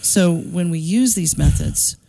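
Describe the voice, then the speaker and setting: Calm woman with deep gravelly voice. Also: no room sound, rough recording. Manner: slow, calm, soothing explanations. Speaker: shamanic soul coach. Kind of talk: explaining her healing practice.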